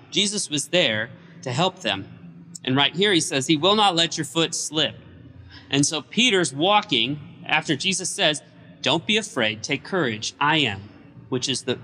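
A pastor preaches a midweek sermon, telling a scripture story as if he were there. His voice sits fairly high and comes across bright and forceful. It rings out with a long reverb from the church hall. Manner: retells scripture in a lively storytelling way. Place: church during a midweek service.

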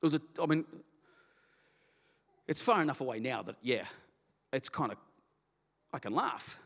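Pastor in an echoing hall. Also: male voice, mid-range voice, moderate pace, creaky. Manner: candid storytelling, animated, self-deprecating. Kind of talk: personal testimony sermon. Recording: long hall reverb.

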